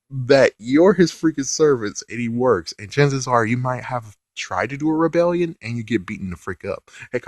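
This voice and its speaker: A man's voice: mid-range voice, no echo, clean studio sound. A man reviewing a TV episode in a casual rant, swearing offhandedly and laughing often.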